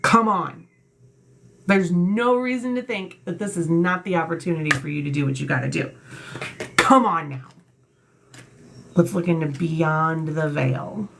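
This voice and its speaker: A woman with a slightly low, gravelly voice reads tarot cards aloud, then talks straight to her viewers in a blunt, emphatic way. She swears freely. A faint hiss runs under the recording. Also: moderate pace, few pauses. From Italian heritage. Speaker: tarot reader. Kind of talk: casual tarot reading, reading card texts aloud.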